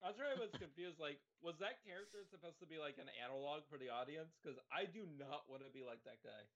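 A man's voice: on the high side, lively intonation, fast, fairly bright tone. Young man rambling, slightly dull audio. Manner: rambling, filler-heavy, wry. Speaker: podcast co-host. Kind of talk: casual comedic movie riff.

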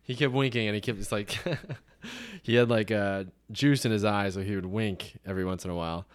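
A man's voice: lowish voice, lively intonation, a little fast, clean tone. A man in casual sports podcast chat, swearing freely, ranting and acting out mock conversations. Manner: profane, ranting, acts out mock dialogue. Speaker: podcast co-host.

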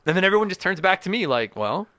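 Bright-voiced profane comedian telling tour stories. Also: male voice, high-pitched, expressive, very fast, no echo. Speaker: stand-up comedian guest. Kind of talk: casual storytelling.

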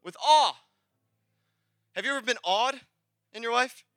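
A man preaching a sermon as pastor, animated and conversational, shouting at the high points. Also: measured pace, clean tone, dry recording, studio quality.

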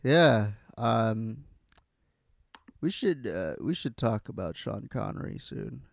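Laid-back male co-host, unhurried delivery, gravelly fry in the voice. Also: mid-range voice, sing-song. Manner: laid-back, drawn-out, laughs often. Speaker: podcast co-host. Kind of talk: casual chat.

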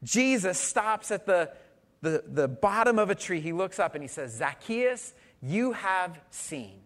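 A man's voice: high-pitched, big pitch swings, measured pace, fairly bright tone. A man preaching a conversational sermon, telling stories and asking the congregation questions. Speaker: pastor.

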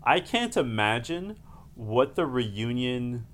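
A man's voice: medium pitch, sing-song, slow, fairly bright tone. A man co-hosting a podcast in casual chat, thoughtful and hedging. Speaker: podcast co-host. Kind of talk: casual chat recapping a reality show.

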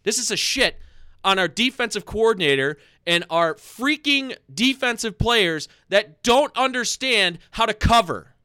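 A man ranting angrily about his football team on a podcast, loud and swearing, repeating himself. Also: high-pitched, expressive, smooth, no room sound, studio quality. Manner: angry, loud, swearing, fast repeated phrases. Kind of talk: heated sports fan rant.

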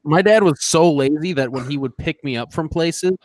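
A man's voice: on the high side, moderate pace, a little mellow, no room sound. A man co-hosting a podcast, chatting casually in an emphatic way with frequent swearing. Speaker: podcast co-host.

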